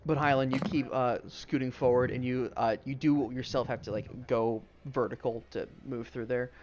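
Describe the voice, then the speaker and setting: A man running a tabletop game as game master, describing scenes in a loose, rambling, hesitant way with lots of fillers. His voice sits at an ordinary middle pitch. The recording is a little dull and lo-fi. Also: fairly even intonation, moderate pace, background noise.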